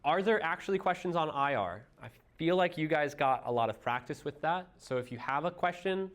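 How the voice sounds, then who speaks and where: A man's voice: on the high side, expressive, a little fast, fairly bright tone. A man with a Midwestern American accent leads a classroom review session. He walks through each idea patiently, leaning on homely comparisons. He keeps turning questions back to the students. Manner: explains step by step with everyday analogies, quizzes students. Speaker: chemistry teacher.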